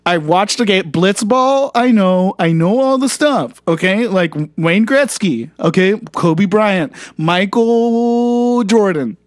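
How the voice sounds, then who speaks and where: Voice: medium pitch, animated, slow, dry recording, studio quality. A performer voicing a boastful, crude male frog athlete in improvised comedy banter, rambling and cocky.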